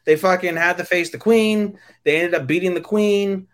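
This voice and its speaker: A man's voice: sits high, moderate pace. A man co-hosting a podcast, giving crude, rambling episode recaps full of fillers. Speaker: podcast co-host. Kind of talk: casual chat.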